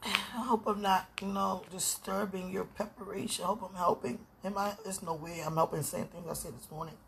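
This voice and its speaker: A podcast host speaking aloud to God and a loved one in an emotional, pleading personal monologue, drifting from soft murmurs to loud declarations. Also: medium pitch, steady tone, fairly quick, gravelly, a little hiss or hum.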